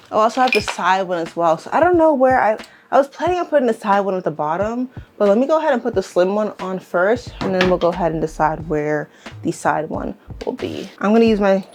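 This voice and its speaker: A young woman chatting casually as she shows and rearranges her plants, rambling, correcting herself and getting excited. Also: mid-range voice, a little hiss or hum. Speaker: plant vlogger. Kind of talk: casual vlog chat while working. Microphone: handheld camera on tripod.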